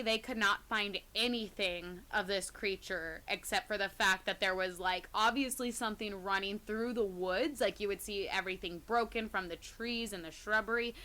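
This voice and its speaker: A woman co-hosting a podcast and chatting her way through creepy stories with a bright, forward tone. She now and then drops into a hushed voice for the scary parts and laughs easily. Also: mid-range voice, normal speed. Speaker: podcast co-host. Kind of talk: casual storytelling chat.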